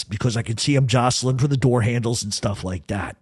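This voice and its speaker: Husky man telling a profane story. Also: medium pitch, no room sound, clean studio sound. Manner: profane, intense, rapid retelling. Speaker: host telling a true crime story. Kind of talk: casual first-person storytelling.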